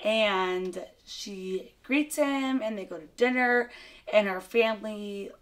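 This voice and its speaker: A woman's voice: mid-range voice, takes it slowly. A young woman comedian retelling a film in a rambling, profane, joking way. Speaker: guest comedian. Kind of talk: comic movie retelling.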